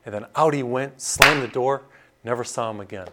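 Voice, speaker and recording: A middle-aged priest, a man, preaches in a relaxed, story-driven style. He talks like he's chatting, with easy asides between the points of his sermon. His voice sits at an ordinary middle pitch. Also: moderate pace, heavy background noise. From Massachusetts. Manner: conversational, animated storytelling with asides.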